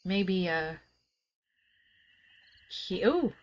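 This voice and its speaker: A woman's voice: on the low side, sing-song, very slow, highs cut off. A woman chatting wryly to herself while streaming a video game. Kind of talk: casual gameplay commentary.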